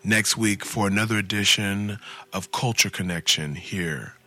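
A man's voice: on the low side, a little slow, pushed and bright. A man hosting a casual community talk show, chatty and enthusiastic, drifting into friendly tangents. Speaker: host.

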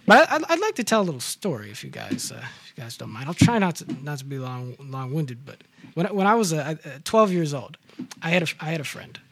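A man telling a story on a panel, halting and repeating his words. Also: fairly high pitch, big pitch swings, gravelly, fairly bright tone, a little hiss or hum. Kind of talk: casual panel talk with storytelling.

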